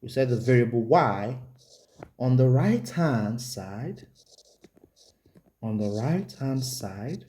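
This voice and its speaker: Male maths tutor, relaxed dark tone, repetitive and checking in with the viewer. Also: mid-range voice, slow, pauses often. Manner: repetitive, asks the viewer rhetorical check questions; writes on the board while explaining. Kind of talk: whiteboard maths lesson.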